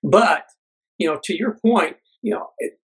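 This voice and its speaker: A middle-aged man, a podcast guest, telling a personal story earnestly, halting with many fillers. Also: high voice, husky, rough recording.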